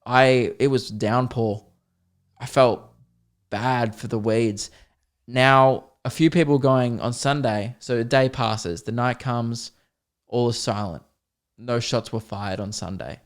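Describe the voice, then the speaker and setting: A young man, hosting a podcast and telling a long comic story with animated, self-mocking, sweary mock-epic flair. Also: mid-range voice, takes it slowly. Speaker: podcast host.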